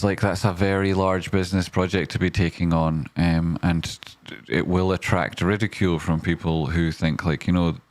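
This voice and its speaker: A man's voice: low voice, no room sound. A man, commenting on stocks in a rambling, casual way with lots of fillers, breaking into sweary rants. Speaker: stock market streamer.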